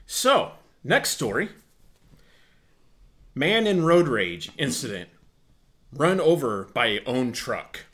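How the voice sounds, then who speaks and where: A man's voice: medium pitch, very animated, slow, long pauses, a bit bright. A man co-hosting a casual podcast, joking and reading out odd news stories. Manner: playful, reads out news stories. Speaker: podcast co-host.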